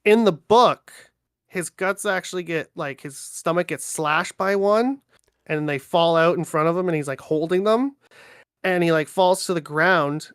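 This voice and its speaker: A man, a livestream guest chatting in a relaxed, rambling way with many fillers. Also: a little high, measured pace, clean tone, dry recording, studio quality. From Ontario, Canada. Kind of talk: casual chat on a livestream.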